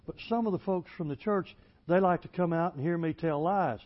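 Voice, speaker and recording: A man preaching a folksy storytelling sermon, plainspoken and building to loud, emphatic passages. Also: a little high, brisk. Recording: dull lo-fi recording.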